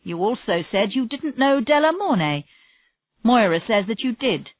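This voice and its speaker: A woman reading a calm, persistent female detective. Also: a little high, normal speed, no room sound, pitched above the performer's own voice. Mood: probing. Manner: steady, pressing questions. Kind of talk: reading a graded story aloud. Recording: tinny phone-like audio, dry.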